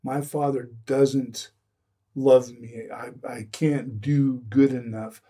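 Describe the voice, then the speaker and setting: A man's voice: mid-range voice, fairly even intonation, takes it slowly, dark tone, recorded from a distance. A man who speaks about recovering from addiction, talking earnestly in a podcast conversation, often restarting and repeating his phrases.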